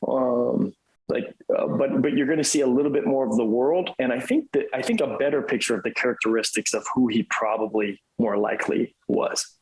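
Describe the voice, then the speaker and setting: Husky, animated pastor guest. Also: male voice, mid-range voice, fairly quick, low-quality recording. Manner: animated, enthusiastic storytelling with quoted voices. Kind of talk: casual conversational interview.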